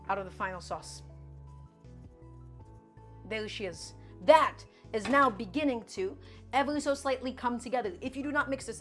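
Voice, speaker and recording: Upbeat woman cooking live in her kitchen, talking viewers through it, kinda high voice, soft music behind. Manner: chatty, encouraging, talks viewers through each step. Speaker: home cook streaming a cooking show. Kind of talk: live-stream cooking chat. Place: home kitchen.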